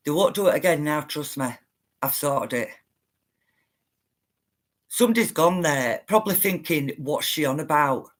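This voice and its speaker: A woman's voice: low-pitched, fairly bright tone. Woman, middle-aged, insistent vlogger talking straight to her viewers. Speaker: spiritual livestreamer. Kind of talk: emotional storytelling to viewers.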